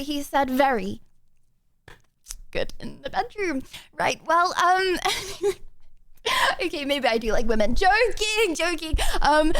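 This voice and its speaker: A woman's voice: high-pitched, no room sound. A young woman streaming, chatting casually with her audience, giggling and rambling with lots of ums. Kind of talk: casual live-stream chat.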